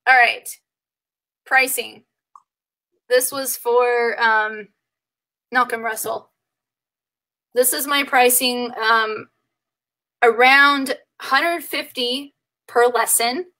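Bright animated woman dog trainer. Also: on the high side, drawn-out words, pauses often, poor audio. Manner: animated, laughs often, acts out clients' voices. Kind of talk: casual chat.

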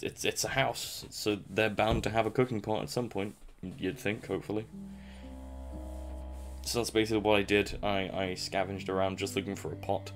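A young man talks through his gameplay in a deep, low voice, wandering from thought to thought with a self-mocking, chuckling manner. Soft music plays faintly underneath. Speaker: gameplay commentator. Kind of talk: casual post-recorded game commentary.

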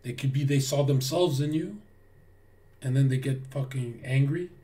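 A man's voice: medium pitch, normal speed, warm tone, distant mic. A man streaming to his chat, ranting in a blunt, preachy way with lots of swearing. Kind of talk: livestream rant to chat.

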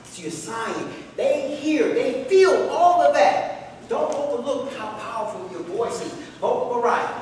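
A man's voice: lively intonation, a little mellow, slight background noise. Dramatic Midwestern man teaching in an echoey hall. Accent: Midwestern American. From Midwestern United States. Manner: dramatic, emphatic, swings pitch and volume, strategic pauses. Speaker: speaking instructor. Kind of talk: workshop class on public speaking. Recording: echoey hall recorded from far off.

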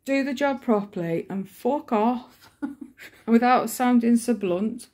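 A woman's voice: a little high, takes it slowly, darkish tone. Lady vlogging at home, fed up and ranting, swears a lot, rambles with ums. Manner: frustrated, ranting, swears freely, rambling with fillers. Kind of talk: casual vlog monologue.

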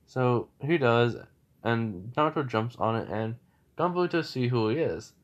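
A man's voice: medium pitch, animated, measured pace, lo-fi sound. Rambling man telling a fan story. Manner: rambling, filler-heavy. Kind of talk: casual spoken fan story.

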